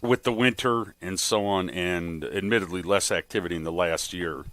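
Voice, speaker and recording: A man's voice: deep voice, moderate pace, fairly bright tone, no room sound. A man in his fifties co-hosting a radio show, chatting casually and joking a lot. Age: 50s. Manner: joking, talkative. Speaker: radio co-host.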